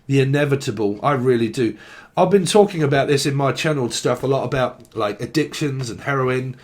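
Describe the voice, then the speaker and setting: A man's voice: medium pitch, brisk, darkish tone. A man giving a solo tarot reading, rambling and full of fillers. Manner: rambling, heavy on fillers, acts out quoted messages. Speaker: tarot reader.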